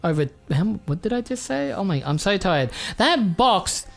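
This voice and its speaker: Young aussie bloke rambling over card packs, super animated, cusses a lot. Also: male voice, high voice, normal speed, gravelly, faint music behind. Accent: Australian. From Australia. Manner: excitable, swears freely, rambling. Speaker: YouTuber. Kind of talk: casual card-unboxing chat.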